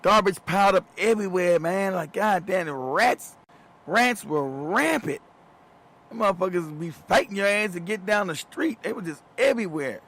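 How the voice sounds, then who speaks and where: A man's voice: high voice, animated, moderate pace, fairly bright tone. A man in his fifties hosting a show, telling loose, profane stories, laughing often and repeating himself as he goes. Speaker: show host. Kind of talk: casual storytelling monologue.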